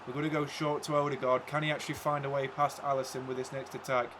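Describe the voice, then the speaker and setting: A man's voice: medium pitch, little pitch movement, fast, background noise. A young man commentating a football video game casually, swinging between hype and frustrated ranting. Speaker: gaming YouTuber.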